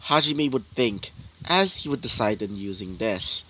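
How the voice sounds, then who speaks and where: A man's voice: fairly low pitch, expressive, a little slow, bright, forceful tone. A man improvising a fan story as narrator, rambling with fillers and self-corrections.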